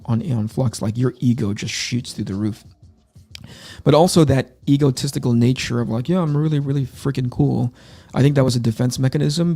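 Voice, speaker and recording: Speaking in a mellow, medium-pitched voice, a man in his fifties shares candid tales from his early career on a launch stream. He's self-deprecating and casual, often restarting his sentences.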